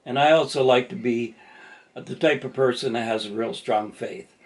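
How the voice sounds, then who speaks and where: A man's voice: mid-range voice, normal speed. An older man chatting casually to camera about his model car builds, rambling and joking at his own expense. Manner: rambling and jokey, self-deprecating.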